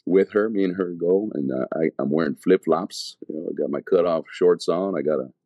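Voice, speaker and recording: Deep-voiced man telling his story loosely. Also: fairly quick, dark tone, dry recording, highs cut off. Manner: storytelling, acting out past dialogue; loose, rambling, full of "you know". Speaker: evangelist telling his testimony. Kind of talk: casual spoken testimony.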